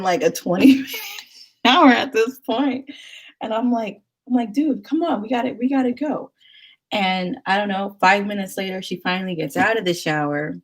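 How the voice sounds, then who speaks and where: Lively storytelling woman, husky voice. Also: lowish voice. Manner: animated, acts out quoted people, laughs often. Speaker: vlogger. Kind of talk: casual storytime chat.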